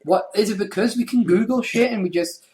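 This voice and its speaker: A man's voice: high voice, a little fast, a little mellow. Brash sweary young man, co-hosting. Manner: brash, sweary, self-mocking. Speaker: co-host. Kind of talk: casual podcast banter.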